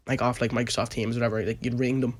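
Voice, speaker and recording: A young Irish man co-hosting a podcast, telling stories from his old jobs. He talks in a loose, chatty way and slips into quick impressions of the people involved. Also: medium pitch. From Ireland. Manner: animated, does voices of people in his stories. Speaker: podcast co-host. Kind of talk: casual storytelling chat.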